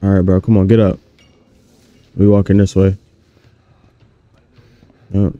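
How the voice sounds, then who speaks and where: A man giving casual, animated let's-play commentary on a horror game, chatting to his viewers in slang. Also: sits low, a little slow, no room sound, muffled recording, faint music behind. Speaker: gaming YouTuber.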